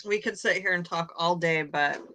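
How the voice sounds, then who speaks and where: A woman, hosting a casual chat and briskly steering the conversation. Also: lowish voice, pushed and bright. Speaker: host.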